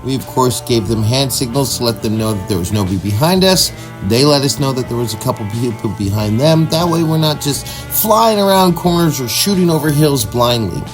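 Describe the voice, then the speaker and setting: A man from Washington state hosting a casual off-road vlog, relaxed and chatty with plenty of fillers, recorded on a phone in a vehicle outdoors. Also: mid-range voice, brisk, hardly any pauses. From Washington state, US Northwest. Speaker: vlog host. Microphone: phone camera. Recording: music playing underneath.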